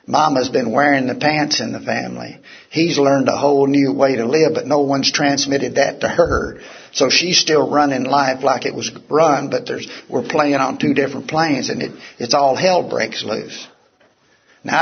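Man, gravelly voice, candid lecturer to a live room; lo-fi tape, faint hiss. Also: mid-range voice. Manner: candid, conversational, acts out quotes. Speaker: physician speaker. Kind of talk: recovery talk to a live audience. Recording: dull lo-fi talk recording with faint hiss.

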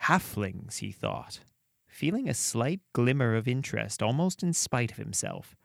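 A man hosting a podcast, reading dark fantasy stories aloud with a measured, expressive delivery and chatting casually between them. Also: medium pitch, creaky, dry recording, studio quality. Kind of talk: storytelling narration and casual commentary.

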